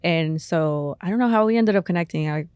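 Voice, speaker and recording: A woman chatting on a podcast in a fairly low voice. She tells stories animatedly, full of fillers, acting out the voices she quotes. The sound is dry and close to the mic. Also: fairly quick, a little mellow, smooth, dry recording. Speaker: guest DJ. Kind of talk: casual podcast chat.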